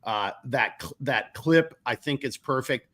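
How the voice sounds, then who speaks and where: A man's voice: mid-range voice, lively intonation, unhurried, pushed and bright. A man with a Minnesotan accent hosting a casual political podcast, rambling with many restarts and casual swearing. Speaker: podcast host.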